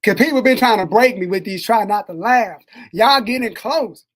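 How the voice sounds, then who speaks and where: A man co-hosting a podcast in casual chat, animated and slangy, swinging between loud and soft. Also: high voice, moderate pace. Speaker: podcast co-host. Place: Texas.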